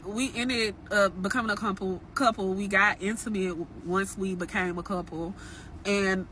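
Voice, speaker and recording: A woman's voice: mid-range voice, sharp tone, slight background noise. A young woman telling a personal dating story to her viewers in a casual, frank, chatty way. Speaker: storytime vlogger.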